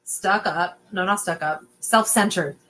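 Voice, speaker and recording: A woman's voice: on the low side, a little slow, poor audio. A young woman, a podcast guest, telling a personal story in casual late-night chat. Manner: animated storyteller, acts out quotes.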